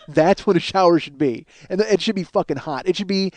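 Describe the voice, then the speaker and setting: A middle-aged Chicago-area podcast host tells rambling, profane comic stories that poke fun at himself, acting out lines of dialogue. His voice is high and brisk, recorded with no echo.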